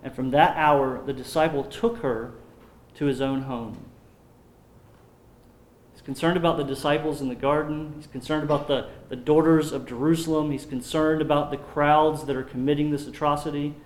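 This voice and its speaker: Man, sermon, fairly high voice, roomy echo, slows for scripture. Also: steady tone, a little hiss or hum. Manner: slows down to read scripture aloud. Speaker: preacher.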